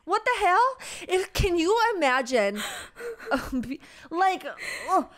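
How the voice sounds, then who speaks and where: Young woman cohost, blunt sarcastic, curses casually, high bouncy voice. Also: big pitch swings, takes it slowly, a bit bright. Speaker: podcast co-host. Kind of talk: casual book club chat.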